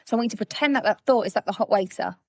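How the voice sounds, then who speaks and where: Fast-talking woman coach telling vivid stories. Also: medium pitch, no echo, clean studio sound. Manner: animated storytelling, acting out quotes. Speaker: guest coach. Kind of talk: casual podcast conversation.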